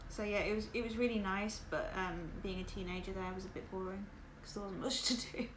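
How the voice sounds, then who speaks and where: A woman's voice: mid-range voice, fairly even intonation, a little fast. A woman from West Yorkshire with a Southern English accent, casually chatting with viewers on her livestream, candid and full of fillers. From West Yorkshire, England. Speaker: livestream host. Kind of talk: casual chat with stream viewers. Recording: echoey room with background noise.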